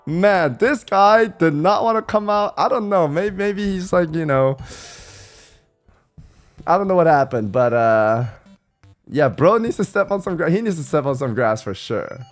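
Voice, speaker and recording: A man's voice: on the high side, unhurried, faint music behind. A young man from California, a streamer, telling stories from a trip in a casual, slangy way, swearing now and then and imitating his friends. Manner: animated, slangy, swears, mimics friends in quotes. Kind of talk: casual storytelling vlog.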